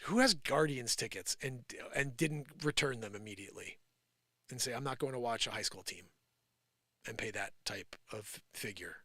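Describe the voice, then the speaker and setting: A man hosting his own live show rants in an improvised, sarcastic way. His voice sits a bit high and comes out sharp and bright. He swings from loud bursts to low mutters, and the close mic leaves almost no room sound. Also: dry recording. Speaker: live-stream host. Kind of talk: improvised live opinion rant.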